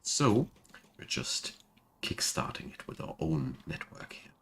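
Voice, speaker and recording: Deep-voiced German man streaming. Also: sing-song, slow pace, fairly bright tone, slight background noise. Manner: chatty, laughs at himself. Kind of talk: casual gameplay commentary.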